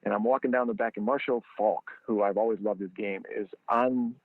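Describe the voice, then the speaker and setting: Gravelly man on a tinny line. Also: fairly even intonation, a little fast, dry recording. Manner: acts out quoted people with sudden high jumps in pitch. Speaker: guest, training football founder. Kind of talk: animated storytelling. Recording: dry, tinny phone-line sound.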